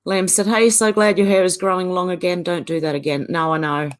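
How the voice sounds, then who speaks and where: A woman's voice: fairly low pitch, fairly even intonation, a little fast. An Australian woman chats casually with her viewers at home, greeting them one by one. Her voice carries a smoker's cough, and she breaks into laughter often as she talks. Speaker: channel host. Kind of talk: casual livestream chat. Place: indoors at home, beside a filing cabinet.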